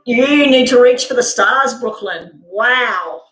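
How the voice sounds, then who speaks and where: Casual woman reading tarot live, fairly high voice, talks straight to viewers, swears now and then, roomy echo. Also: slow, fairly bright tone, soft background music. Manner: chatty, laughs often, talks straight to viewers. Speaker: tarot reader.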